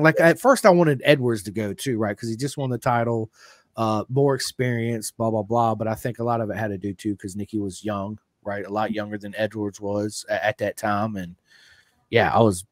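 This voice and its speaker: A man's voice: fairly low pitch, normal speed, dry recording. A middle-aged man hosting a podcast, chatting in a rambling, enthusiastic fan's way. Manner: enthusiastic, rambling fan talk. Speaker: podcast host. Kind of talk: casual interview chat.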